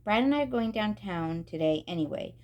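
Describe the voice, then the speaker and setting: A woman reading aloud as a kind, gentle mother in a storybook, with a reassuring manner. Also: mid-range voice, animated, fairly quick, natural voice.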